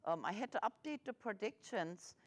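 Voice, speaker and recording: A woman hosting a casual interview in a small TV studio, rambling and halting with many restarts. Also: mid-range voice, expressive. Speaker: host.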